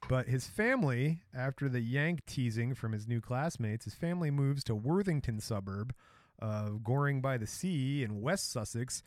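A man's voice: medium pitch, lively intonation, moderate pace, darkish tone, no room sound, studio quality. A middle-aged man from Michigan co-hosting a podcast, telling a life story in casual chat, joking and tripping over names. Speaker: podcast co-host.

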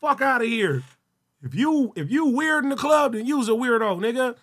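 A man hosting a solo livestream, talking loud and profane with frequent laughter. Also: extremely high pitch, expressive, moderate pace. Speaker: livestream host. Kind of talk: casual solo livestream chat.

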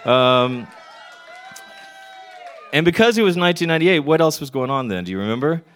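Speaking a touch high and with plenty of expression, a middle-aged man from Texas works through a candid joke-driven story at a moderate pace. A faint crowd can be heard as he wryly hits his punchlines for the live audience.

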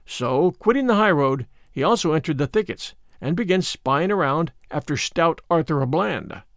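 A man narrating an old-fashioned storybook in an expressive, unhurried way. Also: on the high side, no room sound, clean studio sound.

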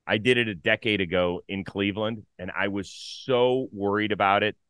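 A man hosting a baseball talk show, upbeat and lively in casual chat. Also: on the low side, normal speed, clear, resonant tone, no room sound. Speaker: host.

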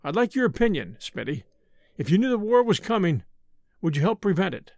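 A grim, weary husband in an audiobook, read by a man. The voice stays lively in pitch with a gravelly grain and a dry, close sound. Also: brisk, dry recording, exaggerated voice.

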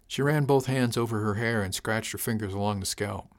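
Brief: man, fairly low voice, wry first-person audiobook narration. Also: fairly quick, hardly any pauses.

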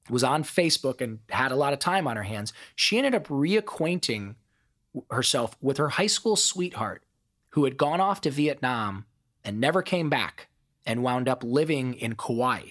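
A middle-aged man from Ohio, a podcast guest telling stories in an emphatic, profane, animated way. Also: mid-range voice, unhurried. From Ohio, USA. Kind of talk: casual storytelling interview.

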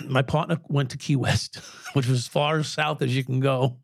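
Gravelly and steady, the mid-range voice of a sixty-something ex-police officer comes through a clean, dry studio recording at normal speed. As a podcast guest he tells blunt, candid stories, swearing freely and chuckling throughout.

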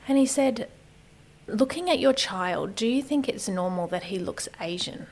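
A woman in her thirties telling a personal story candidly, often softening to a near whisper. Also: mid-range voice, animated, moderate pace, rough recording.

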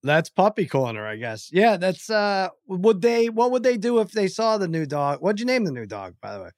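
Wry teasing podcast co-host. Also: male voice, high-pitched, sing-song, no echo. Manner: wry, quick teasing asides. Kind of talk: casual chat. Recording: dry close studio mic.

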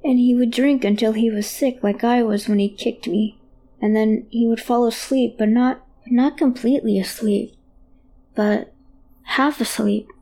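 A woman narrating a first-person horror story in a halting, hushed, childlike way. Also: on the high side, fairly even intonation.

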